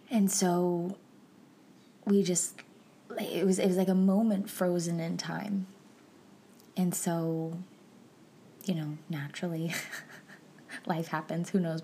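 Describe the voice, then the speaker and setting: A young adult woman hosting a podcast, telling a personal story in a soft, chatty way with many fillers and frequent hushed whispers. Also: fairly low pitch, fairly even intonation, unhurried, long pauses, slight background noise. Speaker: podcast host.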